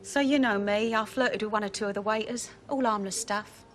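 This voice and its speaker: A woman's voice: mid-range voice, steady tone, brisk, close to an everyday voice. An actress playing a brassy, wisecracking pub landlady in a 1980s TV soap, with a sardonic, dramatic manner. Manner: sardonic, dramatic, calls people darling. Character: brassy, wisecracking London landlady in emotional turmoil.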